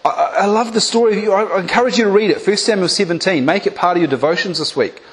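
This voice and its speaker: A man preaching a sermon, retelling a Bible story with lively acted-out voices and direct appeals to the congregation. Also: sits high, fast. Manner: animated storytelling, acting out biblical voices.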